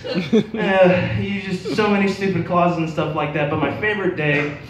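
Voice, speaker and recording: A man's voice: sits high, steady tone, moderate pace, a crowd in the background. A young man doing a stand-up set at an open mic, telling stories with lots of filler words. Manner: rambling storytelling with many fillers. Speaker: stand-up comedian. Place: bar open mic night. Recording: roomy bar sound from a distance.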